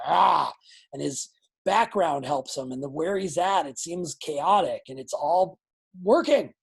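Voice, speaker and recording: Husky animated woman teaching a class. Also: sits low, a little slow. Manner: animated, acts out quoted lines; blunt, swears freely. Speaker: wrestling instructor. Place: training academy class.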